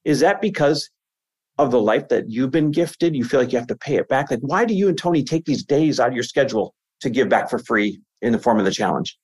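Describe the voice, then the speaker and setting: A man with a somewhat husky voice asks measured interview questions and affirms his guest. His pitch sits in the ordinary middle range for a man. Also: lively intonation, darkish tone. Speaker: podcast co-host.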